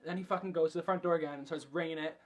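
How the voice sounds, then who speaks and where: A man's voice: on the high side, steady tone, very fast, background noise. A young man vlogging, telling a story casually and chattily, swearing a lot and filling every sentence with fillers. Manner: chatty, profane, filler-heavy.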